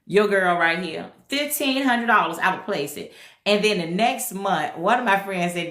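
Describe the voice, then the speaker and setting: A woman's voice: medium pitch, expressive, normal speed, a bit bright. A middle-aged woman hosting a casual livestream, talking emphatically and straight to her viewers. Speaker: livestream host. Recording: echoey room.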